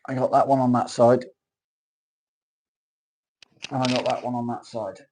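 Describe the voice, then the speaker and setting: A man's voice: medium pitch, level tone, measured pace, noisy background. A man hosting a casual livestream, reading viewer comments aloud and bantering crudely. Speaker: livestream host.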